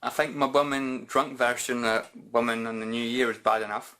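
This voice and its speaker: A Scottish man chats casually through viewer questions on his channel. His talk is loose and informal, peppered with "bloody" and "mate", in a voice of ordinary middle pitch. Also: steady tone, normal speed, pushed and bright. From Scotland. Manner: chatty and informal, says "bloody" and "mate" a lot. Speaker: YouTube gaming channel host. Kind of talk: casual Q&A vlog chat.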